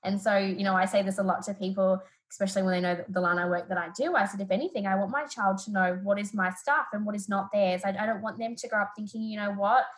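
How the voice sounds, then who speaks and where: A woman's voice: mid-range voice, quick pace, few pauses, rough recording. Australian woman therapist, thoughtful. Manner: reflective, animated when retelling stories. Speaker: therapist guest. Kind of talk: podcast interview.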